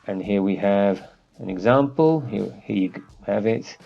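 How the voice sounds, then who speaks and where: A man teaches an architecture class as he clicks through a software demo, thinking aloud with fillers. His voice is low and gravelly, and he speaks slowly. The audio is a bit dull, with faint music behind him. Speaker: architecture course instructor. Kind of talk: screen-share software tutorial.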